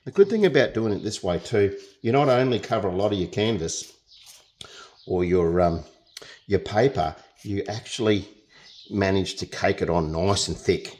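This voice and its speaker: Here a young Australian painting tutor, his voice low, animated and a little mellow, talks at a normal speed. He's chatty and full of jokes, narrating casually while he works through the demonstration.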